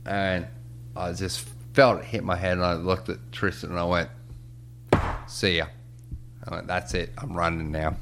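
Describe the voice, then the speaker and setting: A man in casual chat, telling a sweary, animated story and laughing as he goes. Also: low voice, slight background noise.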